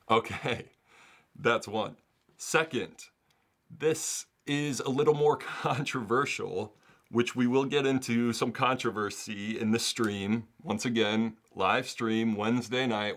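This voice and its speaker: Man, sports channel host, low-ish voice, chatty solo commentary with frequent chuckles. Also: fairly bright tone. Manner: chatty and earnest, laughs often mid-sentence. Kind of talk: casual solo commentary to camera. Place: home setup in the US.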